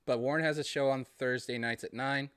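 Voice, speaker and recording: This Boston-accented Massachusetts man has a mid-range, fairly bright, smooth voice with fairly even intonation and a fairly quick pace. The dry, studio-quality recording captures his friendly, rambling solo podcast, with laughter between ideas.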